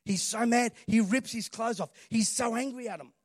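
High-voiced preacher, dry sound. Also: male voice, moderate pace, dry recording. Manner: emphatic preaching, calls for audience response. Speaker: pastor. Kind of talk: sermon.

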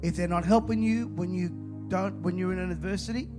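A man preaching a sermon in a church, impassioned and rising to loud emphatic calls. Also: high voice, steady tone, a little fast, over music.

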